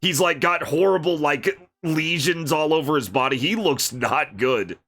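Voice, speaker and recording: A man streaming a horror game, reacting excitably and reading the characters' dialogue aloud. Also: fairly high pitch, unhurried. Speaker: livestreamer. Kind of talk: let's play commentary.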